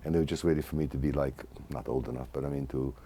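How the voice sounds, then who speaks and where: Older guy in his 80s, really deep dark voice, kinda husky, talks slow and thoughtful. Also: steady tone. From Hungary. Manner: measured, reflective, restarts mid-phrase. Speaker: interviewee. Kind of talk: oral history interview.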